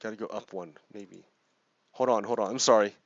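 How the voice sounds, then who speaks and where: This man's voice is lowish, with fairly even intonation and a slightly fast pace, and there's no echo. Hosting a gaming video, he casually reads out and explains politics, chuckling and repeating himself often, through a dry, dull lo-fi microphone.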